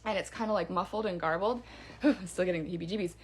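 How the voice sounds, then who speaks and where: A woman telling her own spooky story in a casual, chatty way, with fillers and hushed drops for suspense. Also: fairly low pitch, fast talker, slightly rough. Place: parents' backyard by a campfire.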